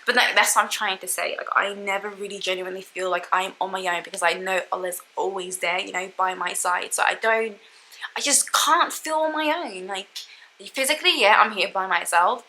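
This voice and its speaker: A woman's voice: mid-range voice, fairly quick, bright, forceful tone, poor audio. A young woman vlogging about solo travel in a casual, reflective chat, talking with lots of "like" and "you know what I mean". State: tearful, emotional.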